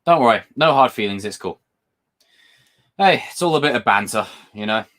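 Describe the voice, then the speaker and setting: A British livestream host reads viewer comments aloud, rambling casually from subject to subject. His mid-range voice is animated and fairly bright, moving at a normal speed.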